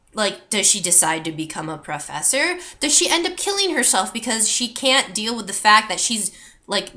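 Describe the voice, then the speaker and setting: A woman's voice: fairly high pitch, pushed and bright. A young woman ranting in a vlog, exasperated and full of fillers and swearing. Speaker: vlogger. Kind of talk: movie rant vlog.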